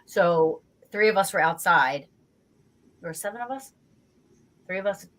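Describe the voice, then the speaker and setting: Jersey woman telling a story as a guest, lowish voice, animated, swears a lot, acts out her reactions. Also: a little slow. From New Jersey. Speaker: guest investigator. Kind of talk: casual storytelling interview.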